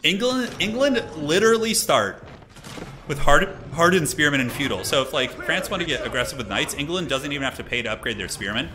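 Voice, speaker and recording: A man giving casual, excitable live commentary on a strategy game tournament, chatting with his stream viewers as he goes. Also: mid-range voice, quick pace, few pauses. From United States. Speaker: tournament caster.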